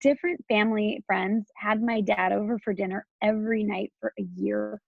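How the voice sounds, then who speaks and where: A woman's voice: mid-range voice, steady tone, normal speed, creaky, no room sound, narrow, tinny audio. A woman from Texas in her thirties, speaking as an interview guest in a loose, candid flow full of "like" and restarts.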